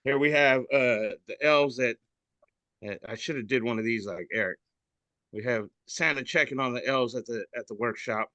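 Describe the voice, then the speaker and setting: A man's voice: mid-range voice, moderate pace, pushed and bright, dry recording. A man hosting a casual podcast, describing memes in a joking, irreverent way over a video call. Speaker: podcast host.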